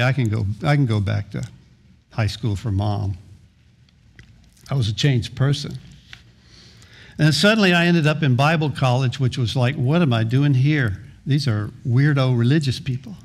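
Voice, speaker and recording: A middle-aged man preaching a sermon as pastor, earnest, often repeating and restarting words. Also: medium pitch.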